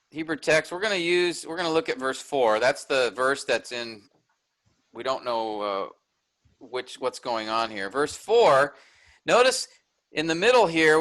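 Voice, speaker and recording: A man leads a workshop lecture with a fairly high, bright voice. He explains step by step, often asking his listeners if they follow. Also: rough recording. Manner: explanatory, checks in with listeners, frequent fillers. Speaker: teacher. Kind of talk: online workshop lecture on Hebrew text.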